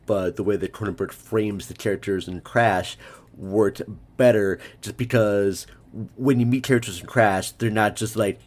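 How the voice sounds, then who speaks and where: Low-voiced man chatting about films. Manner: rambling, animated asides. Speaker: podcast guest. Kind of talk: casual film review chat.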